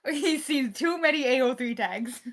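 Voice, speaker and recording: A woman's voice: high voice, animated, moderate pace, fairly bright tone. A woman chatting casually with friends, adding wry, joking asides. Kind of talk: casual chat.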